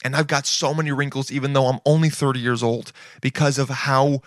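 Here a video reactor in his late twenties talks fairly quickly with a flat delivery and a mid-range voice, laid-back, profane and forever saying "dude." It's a dry, studio-quality recording with music underneath.

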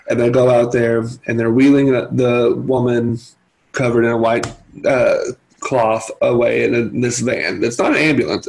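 A man's voice: medium pitch, gravelly, low-quality recording. A man co-hosting a podcast, retelling a movie plot in casual chat with wry asides and laughter. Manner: chatty storyteller, wry, laughing. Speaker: podcast co-host.

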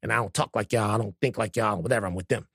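A man's voice: on the low side, racing, a bit bright, husky, no room sound, studio quality. A man co-hosting a podcast in casual conversation, talking in a stop-start way with many fillers and restarts. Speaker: podcast co-host.

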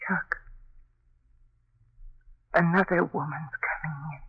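A woman's voice: fairly low pitch, steady tone, slow pace. A fearful young mother. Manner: fearful, breathless whispering. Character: frightened young mother witnessing ghosts. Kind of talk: 1930s radio drama acting. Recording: muffled old radio recording with hiss.

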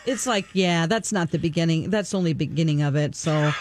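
A woman's voice: sits low, fairly quick, noisy background. A woman in casual chat, sarcastically picking apart a movie and often laughing as she talks. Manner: sarcastic, laughs while ranting. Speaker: podcast co-host reviewing a movie.

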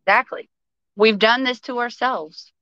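A woman with a bright, sharp, fairly high voice delivers a heated political rant, swearing freely and pushing hard. The sound is dry and a little dull, like lo-fi podcast audio. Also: no echo. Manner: passionate, profane, fast-flowing. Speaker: podcast guest.

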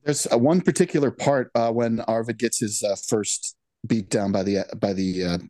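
A man's voice: on the low side, moderate pace, dark tone, no echo. A man co-hosting a film podcast, chatting casually in a rambling, wry way with lots of restarts. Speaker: podcast co-host. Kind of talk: casual chat.

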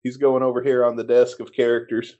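A man co-hosting a podcast, chatting casually with a low-key, dry joking manner. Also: level tone, fairly quick, warm tone, highs cut off. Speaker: podcast co-host.

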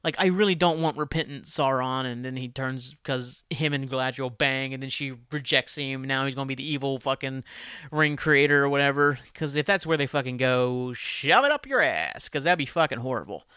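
Podcast host, male, rambling and foul-mouthed, bright edge, close dry sound. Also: medium pitch, steady tone, a little fast, clear, resonant tone, no echo. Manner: rambling, profane, self-deprecating. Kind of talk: casual solo podcast chat.

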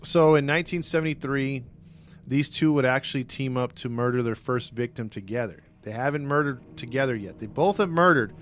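A man's voice: medium pitch, a little fast, fairly bright tone. A man casually telling a true-crime story as a podcast host, rambling with lots of fillers.

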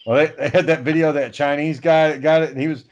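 A man's voice: fairly high pitch, steady tone, fast talker. A man in his thirties chatting casually and telling rambling, profane stories. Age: 30s. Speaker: podcast co-host. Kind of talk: casual chat. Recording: dull lo-fi audio.

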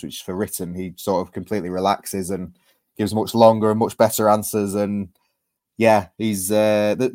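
A man's voice: on the low side, darkish tone, no room sound. Hesitant man, dry close sound. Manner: hesitant, many restarts and ums. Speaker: football journalist guest. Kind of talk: casual podcast chat.

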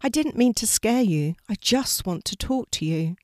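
A storyteller voices a gentle guardian angel lady who gives advice in a soft, patient, reassuring way. The pitch is medium, raised above the performer's own voice yet close to an everyday one, with lively intonation and a moderate pace. The sound is clean studio audio with no echo.

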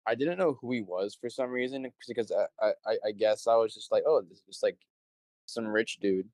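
A man's voice: lowish voice, a little fast, darkish tone, no room sound. A young man being interviewed on a casual podcast, rambling through stories, swearing freely and acting out what people said. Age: young adult. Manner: rambling storyteller, swears freely, acts out quotes. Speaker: interview guest, show promoter. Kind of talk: casual conversation.

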